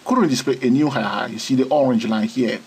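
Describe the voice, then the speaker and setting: Husky man teaching chart trading. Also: medium pitch, fairly quick, darkish tone, poor audio. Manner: repeats "all right?" and "okay?" often, pointing at charts. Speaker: trading instructor. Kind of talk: screen-recorded trading lesson.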